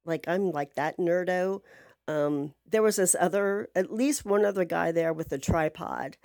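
A woman telling a rambling story in a casual monologue, chatty and animated, with sarcastic asides and swearing. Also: on the low side, a little slow, no echo, studio quality.

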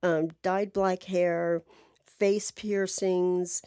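A woman telling a rambling story in a casual monologue, chatty and animated, with sarcastic asides and swearing. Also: on the low side, drawn-out words, clean tone, no echo, studio quality.

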